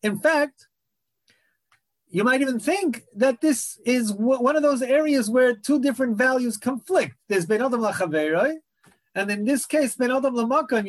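Earnest high-voiced man teaching Torah. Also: no echo. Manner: earnest, repeats phrases for emphasis. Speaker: rabbi teaching a class. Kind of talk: Torah lecture.

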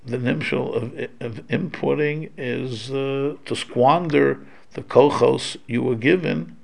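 A man's voice: mid-range voice, slow, creaky, darkish tone. A man giving an informal religious lecture, talking in a loose conversational way with many restarts and Hebrew terms mixed in. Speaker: Torah teacher.

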